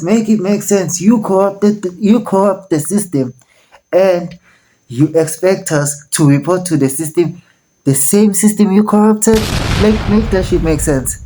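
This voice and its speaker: A woman's voice: medium pitch, background noise. A woman giving exasperated, profane reaction commentary, repeating herself as she rants. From South Africa. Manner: exasperated, repetitive, swearing.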